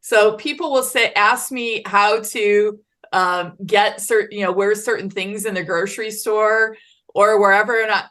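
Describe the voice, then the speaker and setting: A woman on a panel who owns her own company, talking haltingly with many fillers. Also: mid-range voice, steady tone, a bit bright. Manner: hesitant, many fillers and restarts. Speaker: panelist, business owner. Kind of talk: casual panel chat.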